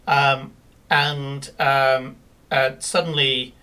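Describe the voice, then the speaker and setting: A man's voice: medium pitch, level tone, very slow, bright, forceful tone, clean tone, far from the mic. A man running a tabletop game as game master, narrating scenes with many fillers and restarts.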